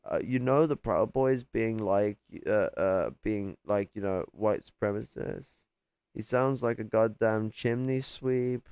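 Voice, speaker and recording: Man streamer, profane mocking rant, low gravelly voice, dry close sound. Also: a little slow, darkish tone, no room sound. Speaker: livestream host. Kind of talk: ranting livestream chat.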